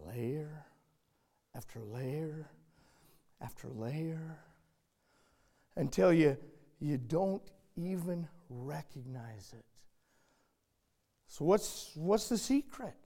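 Older male preacher, higher-pitched voice, slow deliberate delivery, emphatic with sudden drops to a hush. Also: expressive. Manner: emphatic, swinging from loud to hushed. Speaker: pastor. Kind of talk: sermon with storytelling.

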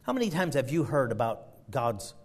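A man preaching a sermon, quoting scripture and swinging between loud urgent pleas and hushed, quiet passages, often stumbling over and repeating words. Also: mid-range voice, sing-song, normal speed, husky. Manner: quotes scripture in King James wording, stumbles and repeats words.

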